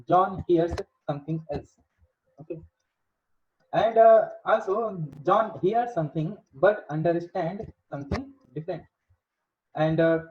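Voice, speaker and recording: A man giving a recorded engineering lecture, in a halting way with many fillers. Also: high-pitched, husky. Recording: dull lo-fi lecture audio.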